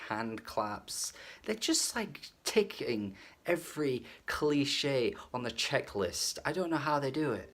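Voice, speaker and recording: Male reviewer, casual rant, sarcastic and incredulous, laughs in disbelief, mid-range voice. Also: mid-range voice. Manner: exasperated, mocking rant with swearing; laughs in disbelief between phrases. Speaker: music reviewer. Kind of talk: casual album review monologue.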